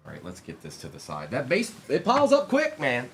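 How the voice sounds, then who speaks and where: A man's voice: medium pitch, wildly swooping pitch, brisk, slight background noise. A man hosting a live-streamed trading card break, reading out player names and bantering with the chat in a playful way.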